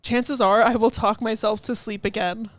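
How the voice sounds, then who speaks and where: A woman's voice: a little high, fairly even intonation, moderate pace, dry recording. A woman co-hosting a podcast, chatting casually with lots of giggles and rambling asides. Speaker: podcast co-host. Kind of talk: casual chat.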